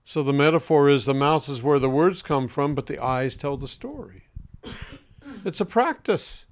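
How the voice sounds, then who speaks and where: A man working as a voice coach, speaking to an interviewer in a deliberate, emphatic way with pointed pauses and a singer's trained voice. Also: a little high, animated.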